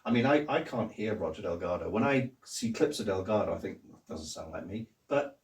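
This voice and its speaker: A man in his sixties hosting a casual interview, telling stories in an animated way. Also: on the low side, a little fast. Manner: animated storyteller who slips into impressions. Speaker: host. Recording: echoey room, mic at a distance.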